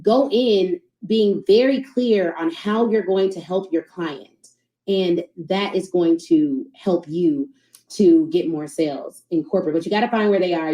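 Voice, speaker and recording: A woman in her thirties who hosts a podcast, giving casual, animated sales coaching to her live audience. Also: low voice, roomy sound, rough recording. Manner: animated, conversational, addresses audience as y'all.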